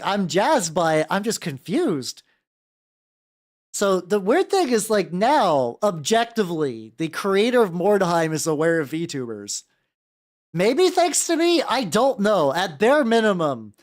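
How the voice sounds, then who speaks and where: A young woman chatting casually on a livestream while painting miniatures, rambling, swearing and restarting her sentences. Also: fairly low pitch. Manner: rambling, profane, self-interrupting with stammered restarts. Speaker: VTuber streamer painting miniatures.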